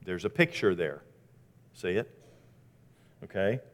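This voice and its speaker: A man preaching a sermon as pastor, dramatic, dropping to a hush and rising to loud exclamations. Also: low-pitched, sing-song, slow, big-room sound. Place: church sanctuary.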